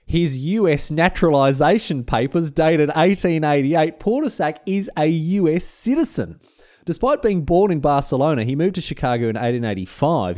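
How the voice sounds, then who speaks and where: A man's voice: mid-range voice, no echo, studio quality. A man with an Australian accent telling a history story in a casual, conversational way. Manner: animated, conversational, with restarts. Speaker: history podcast host.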